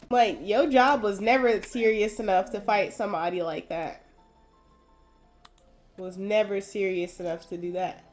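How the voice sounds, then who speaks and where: A young adult woman hosts a gaming video, offering casual, wry commentary and thinking aloud as she plays. Her voice is medium in pitch with a darkish tone.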